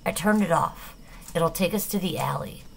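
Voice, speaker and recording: A woman's voice: fairly low pitch, moderate pace, vocal fry, slight background noise. A woman reading an audiobook, voicing a blunt, impatient teenage boy who speaks with curt scorn.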